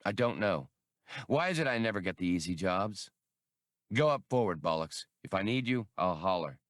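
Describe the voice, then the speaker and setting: A man's voice: low-pitched, expressive, moderate pace, fairly bright tone, no echo, clean studio sound. A man voicing a cocky male starship captain who speaks in wry, clipped orders.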